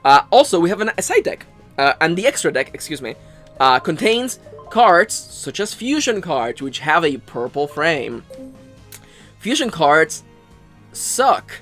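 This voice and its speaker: A man's voice: fairly high pitch, very animated, moderate pace, fairly bright tone, soft background music. Rambling sarcastic man gaming. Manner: rambling, sarcastic, swears, trips over words. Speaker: gaming channel host. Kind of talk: casual let's play commentary.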